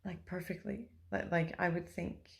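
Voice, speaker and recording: A woman with a low voice and a gravelly, creaky edge recounts a personal experience straight to camera. She rambles and hesitates, circling back with fillers and restarts as she tells it. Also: fairly even intonation, normal speed. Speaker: vlogger.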